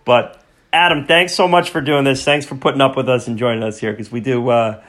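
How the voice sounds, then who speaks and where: A man's voice: medium pitch, fairly even intonation, brisk, a bit bright. A man hosting a casual film podcast, rambling and repeating words as he runs through a list of old movies, tripping over foreign titles. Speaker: podcast host.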